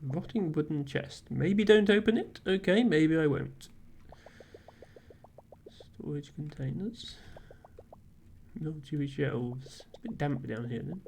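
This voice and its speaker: A woman's voice: sits low, slow, gravelly, long pauses, mellow, slight background noise. A woman streamer playing a game live, chatting casually, laughing often and reading game text aloud.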